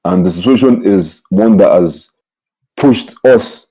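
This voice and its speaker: A young man hosts in a very dark, mellow, low voice. He speaks earnestly and tags many sentences with "yeah.". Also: slow pace, breathy edge, poor audio. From Nigeria. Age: young adult. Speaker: podcast host. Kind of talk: casual chat.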